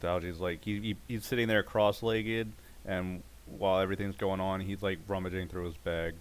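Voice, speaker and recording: A man's voice: sits low, steady tone, normal speed, clean tone. A man playing a tabletop game, describing his character's actions hesitantly with many fillers. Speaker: player.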